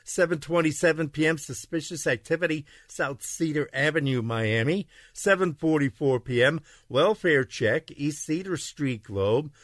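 A man's voice: a little high, normal speed, few pauses, fairly bright tone, no room sound. A man hosting local radio, reading a police log and a weather forecast in a clipped, list-like delivery. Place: radio studio. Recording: music bed behind the voice.

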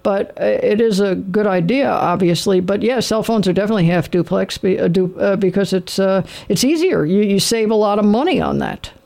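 A man's voice: high voice, a little fast, vocal fry, hardly any pauses, a little mellow. A man hosting a radio call-in show, explaining things in a chatty way with many restarts. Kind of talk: casual call-in chat.

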